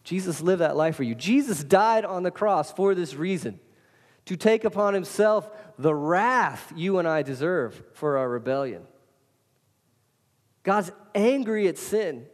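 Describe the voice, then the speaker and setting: A male pastor delivers a sermon in a loose, conversational way, pressing his points and addressing listeners directly. His voice sits a little high for a man. The sound rings with a long reverb from a large hall. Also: expressive, measured pace. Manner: casual, emphatic preaching with direct address to listeners.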